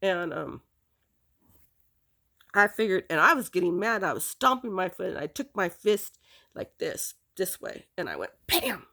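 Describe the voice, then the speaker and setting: Woman with a gravelly voice, halting as she tells a painful story, lots of restarts, gets emotional. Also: fairly low pitch, sing-song, pushed and bright. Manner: halting, full of restarts and "you know" fillers. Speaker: storyteller recounting her past. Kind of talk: casual spoken recollection.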